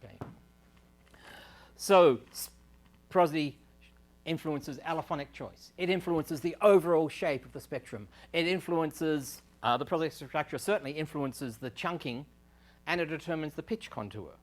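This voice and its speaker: A man with a fairly high voice delivers a technical university talk on speech science in a lecture room. A research scientist, he moves at a moderate pace and walks through each step, with restarts and filler words along the way.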